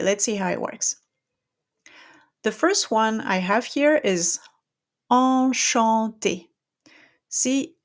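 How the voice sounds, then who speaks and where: A woman with a French accent, a French teacher giving a patient pronunciation lesson who checks in often with "okay?". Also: mid-range voice.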